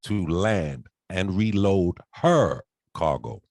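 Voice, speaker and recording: A man in a group call reading treaty articles aloud, halting over some words. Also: sits low, expressive, darkish tone, no echo.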